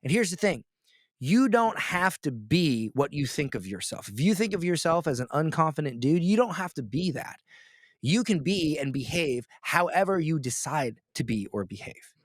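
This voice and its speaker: A man's voice: a little high, big pitch swings, moderate pace, no echo, studio quality. A man from Florida giving a blunt pep talk as a business coach on a casual call, full of rhetorical questions.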